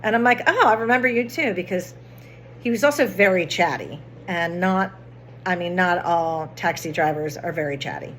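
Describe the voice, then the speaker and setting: A woman's voice: fairly low pitch, moderate pace, a little hiss or hum. A woman vlogger chatting casually, rambling through a personal story with many restarts and fillers.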